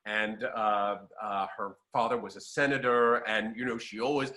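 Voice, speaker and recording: A man as a guest, telling theatrical anecdotes in an animated storytelling manner. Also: medium pitch, normal speed, few pauses.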